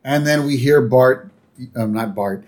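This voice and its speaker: A man co-hosting a podcast, chatting casually and acting out cartoon lines in quick voices. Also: mid-range voice. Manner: animated, acts out character lines in quick voices. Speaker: podcast co-host. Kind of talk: casual chat recapping a cartoon episode.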